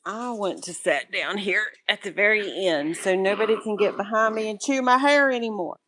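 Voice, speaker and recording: Bright-toned woman coaxing her puppies. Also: medium pitch, moderate pace. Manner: soothing, coaxing puppies to calm down. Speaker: puppy breeder filming her litter. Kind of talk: casual talk to puppies and viewers. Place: indoors with a litter of puppies. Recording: noisy room with puppy sounds. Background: puppies yapping and scuffling.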